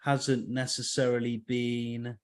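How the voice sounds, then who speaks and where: A man with a mid-pitched voice hosts an interview. He asks his questions politely and shows keen interest in his guest. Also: completely flat delivery, takes it slowly, clear, resonant tone. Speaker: podcast host.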